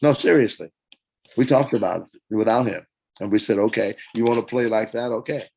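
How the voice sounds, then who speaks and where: An older man in a casual interview, telling stories with lively acted-out quotes and hummed parts. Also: on the low side, fairly quick, vocal fry, slightly rough, low-quality recording. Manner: animated storyteller, acts out quotes and hums parts. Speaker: interview guest, former band singer.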